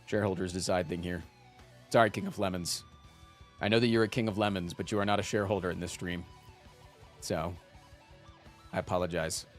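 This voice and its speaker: A man's voice: deep voice, fairly quick, long pauses, faint music behind. Chatty male streamer, rambling. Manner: rambling and animated, jokey, with frequent "man". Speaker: live streamer. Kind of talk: casual chat with stream viewers.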